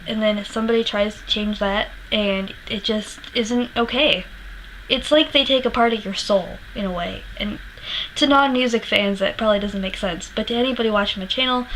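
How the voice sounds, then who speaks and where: A woman's voice: on the high side, fairly bright tone, a little hiss or hum, low-quality recording. Candid young woman, rambling vlog story. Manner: candid, rambling, swears freely, laughs often. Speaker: music vlogger.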